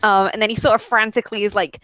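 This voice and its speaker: A woman narrating as game master of a tabletop game, laughing often and filling pauses with ums. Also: mid-range voice, level tone, a bit bright, dry recording, poor audio. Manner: laughs often, many fillers.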